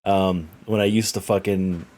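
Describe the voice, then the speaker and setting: A man's voice: deep voice, steady tone, a little slow, a little mellow. A young man guest on a podcast, telling a rambling story with many restarts and swearing. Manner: rambling, hesitant, swears often. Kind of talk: casual storytelling.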